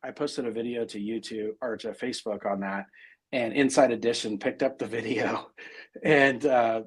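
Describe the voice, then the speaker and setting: A man's voice: medium pitch, steady tone, normal speed, slightly rough. A middle-aged man as interview guest, talking casually and rambling with many fillers and restarts.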